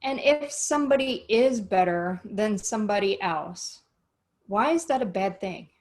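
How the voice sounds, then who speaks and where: A woman's voice: medium pitch, animated, unhurried. A woman hosting a podcast in casual chat, earnest and rambling, easily moved. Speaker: podcast host.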